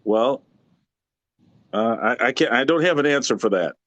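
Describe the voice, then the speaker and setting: Fired-up caller guy, mid pitch, rambles and repeats, dry sound. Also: lively intonation, normal speed, a bit bright, no room sound, muffled recording. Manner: aggravated, rambling, repeats himself. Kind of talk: heated call-in debate.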